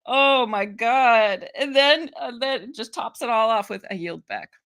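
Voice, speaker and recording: Casual commentator, young woman from Ohio, lively chatter, brightly toned voice. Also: fairly high pitch, measured pace. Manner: chatty, laughing, animated asides. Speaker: political commentary streamer.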